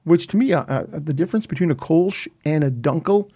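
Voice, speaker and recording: A man co-hosts a casual beer-tasting podcast, wry and joking as he pokes fun at himself. His voice is a little high and a little fast, dark in tone with a breathy edge, captured in a dry recording.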